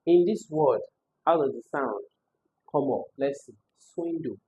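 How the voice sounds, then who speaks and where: Husky man explaining exam answers. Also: medium pitch, animated, unhurried, warm tone. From Nigeria. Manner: explains step by step, repeats words aloud to show sounds. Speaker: exam tutor. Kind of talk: exam prep lesson. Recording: tinny phone-like audio.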